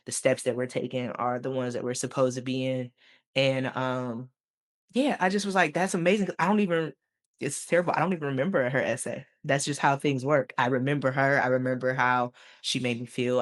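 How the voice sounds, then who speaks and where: A man, a teacher co-hosting a podcast, telling stories in an animated way over a video call, laughing often and going high when quoting. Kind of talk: casual storytelling.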